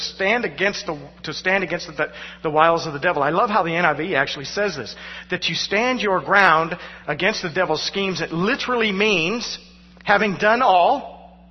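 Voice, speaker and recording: A male pastor preaching a sermon through personal stories, animated and poking fun at himself with frequent laughter. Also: high-pitched, slightly rough. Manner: animated, self-mocking, laughing between lines. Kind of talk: storytelling sermon. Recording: dull sound with long hall reverb.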